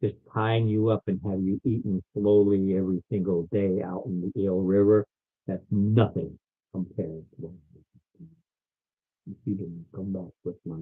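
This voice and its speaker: A man voicing a grim, terrified father who threatens adventurers with slow, ominous words. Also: on the low side, slightly rough. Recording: phone-like lo-fi recording.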